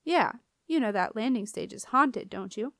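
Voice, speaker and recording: A woman's voice: a little high, lively intonation, normal speed, a bit bright, dry recording, studio quality. A woman voicing a cocky young male barge boy who talks in slangy, overfamiliar speech. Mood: cheeky. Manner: slangy, overfamiliar, calls her darlin'.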